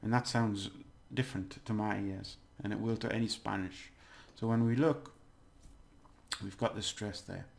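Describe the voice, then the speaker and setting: A man with a gravelly, creaky voice teaches a relaxed video lesson. He stretches and overdoes words to show how they sound, and laughs off his own stumbles. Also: on the low side, normal speed. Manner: chatty, exaggerates words to demonstrate, laughs at own slips. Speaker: language teacher.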